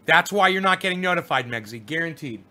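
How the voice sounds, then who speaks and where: Man, middle-aged, livestream host, high voice, bright tone, rambling, swearing, answering chat. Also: expressive, fast talker. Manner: profane, rambling, lecturing viewers. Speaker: live streamer reading chat.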